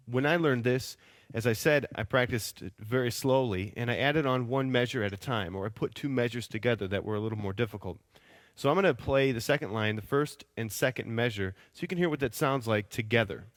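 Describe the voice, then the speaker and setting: A man teaches drums in a calm, patient way, walking through each measure and counting the beats aloud as he plays. His voice sits in the middle range and is heard against a loud drum kit. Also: medium pitch, moderate pace, loud music behind the voice. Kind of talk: step-by-step drum lesson. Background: drum kit played loudly.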